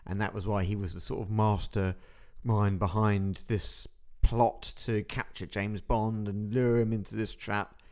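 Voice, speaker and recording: A man's voice: fairly low pitch, level tone, a little slow, hardly any pauses, a little mellow. A man co-hosting a casual podcast chat, musing aloud and ending thoughts with tag questions. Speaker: podcast co-host.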